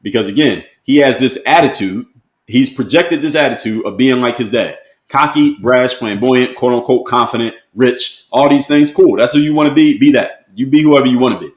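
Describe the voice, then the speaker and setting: A man's voice: medium pitch, moderate pace, echoey room. A man, giving blunt, emphatic commentary to camera and repeating his key points. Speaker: motivational commentator.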